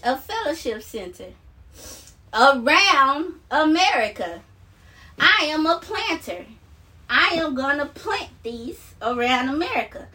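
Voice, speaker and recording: A woman's voice: high voice, bright, forceful tone, far from the mic. A woman fervently sharing a religious testimony while recording herself and pacing, repeating herself with bursts of exclamation. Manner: fervent and repetitive, with frequent exclamations and laughs. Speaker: self-described minister sharing a testimony. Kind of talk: emotional spoken testimony to viewers. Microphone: self-recording on a phone recorder.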